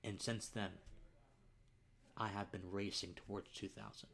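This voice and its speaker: A man's voice: on the low side, flat delivery, a little slow, gravelly, a bit bright. A young man hosting his own livestream, telling a personal story in an earnest way. He gets choked up and tearful, and his voice drops to near whispers. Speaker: livestream host.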